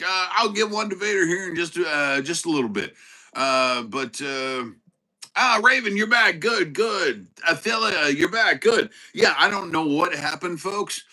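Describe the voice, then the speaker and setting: A man chats casually with viewers on his pet livestream, greeting them by name and stumbling through restarts and fillers. His voice is bright and clear, and it sits somewhat high for a man. He talks slowly, with wide, animated swings in pitch. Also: rough recording. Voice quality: halting, many fillers and restarts. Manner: chatty, greets viewers by name, bursts into excited shouts. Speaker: livestream host with his dog. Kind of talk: casual live-stream chat.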